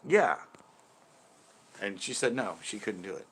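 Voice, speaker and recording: A man with a fairly low voice tells a long, rambling story to his live chat. He stops and restarts his sentences often. His tone stays casual and animated throughout. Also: unhurried, breathy edge. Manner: animated, lots of restarts and self-corrections. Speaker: channel host talking to live chat. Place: home porch.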